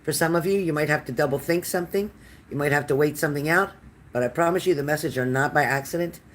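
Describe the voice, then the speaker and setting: Live-stream card reader, rambling casual chat, mid-pitched voice, faint background noise. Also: fast. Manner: chatty and warm-toned, addressing viewers by name and calling them honey; loose, rambling speech with many fillers and restarts. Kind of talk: casual live-stream card reading, answering viewer comments.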